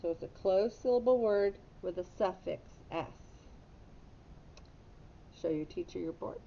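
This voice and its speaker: A woman's voice: measured pace, vocal fry. A woman teacher giving a patient phonics lesson to young children, stopping to correct her own slips. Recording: dull lo-fi audio with faint rumble.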